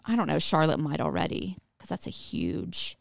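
A woman guest on a podcast, chatting casually in a living room, halting and stuttering a bit, blunt and a little profane. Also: low-pitched, vocal fry, dry recording, clean studio sound. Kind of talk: casual chat.

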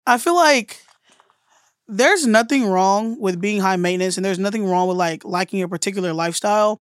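A woman guest co-host on a casual podcast, giggly and loose with the swearing. Her voice sits at a middle pitch. The recording is close and dry. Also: normal speed, no room sound. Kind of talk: casual chat.

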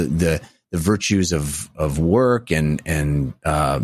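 A man's voice: deep voice, no echo, studio quality. A man hosting a casual podcast, talking loosely with frequent "uh" fillers. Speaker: podcast host.

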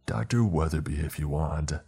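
A man voicing a cruel male doctor holding prisoners, speaking in a calm, murmuring, condescending way. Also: extremely low pitch, normal speed, gravelly, breathy edge, soft background music, exaggerated voice. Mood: smug.

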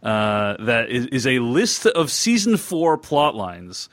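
A man hosting a podcast with a lively, up-and-down delivery. He steers the conversation in a relaxed way, and his voice is recorded dry and close. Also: mid-range voice, slow, no echo. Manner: steering the talk, easily amused. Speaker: podcast host. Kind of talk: casual film discussion.

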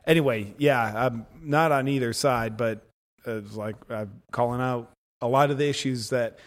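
Man, mid-pitched voice, laid-back mocking chat, long echo around him. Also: moderate pace. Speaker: podcast guest, comedy sketch creator. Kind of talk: casual chat.

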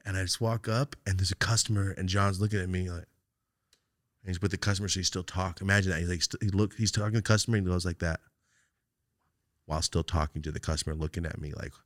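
A man hosting a podcast, telling a story in casual chat, animated and profane with loud outbursts. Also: sits low, quick pace, dry recording, clean studio sound. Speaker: podcast host.

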